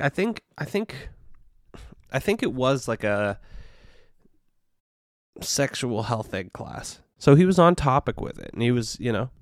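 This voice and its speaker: A man's voice: medium pitch, dry recording, clean studio sound. A young adult man hosting a casual solo podcast, rambling and profane with constant "you know" and "dude" fillers. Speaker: podcast host.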